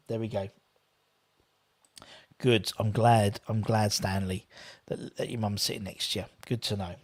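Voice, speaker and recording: A casual man talks through a football match live, reading out viewer comments between bits of play. His voice sits at an ordinary middle pitch. He rambles, jumping between the game and small talk. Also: a little mellow. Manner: chatty, rambling, reads viewer comments aloud. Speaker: watchalong host.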